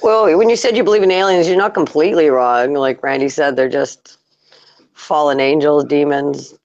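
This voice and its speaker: A co-host tosses in quick quips during a casual online chat. The audio is muffled and lo-fi, with a dry, close sound. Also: mid-range voice, a little mellow, no room sound. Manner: quick quips and frequent laughter.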